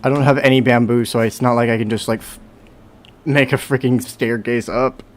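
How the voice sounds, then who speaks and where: A man's voice: medium pitch, steady tone, normal speed. A young man chatting casually on a livestream while playing, rambling and talking to himself. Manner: rambling, self-talk with hums and sound effects. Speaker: streamer.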